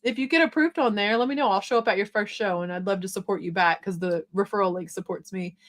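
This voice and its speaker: On a casual live stream, a middle-aged woman reads out viewer comments in a fast, upbeat way. Her pitch is ordinary, and she sounds encouraging and chatty.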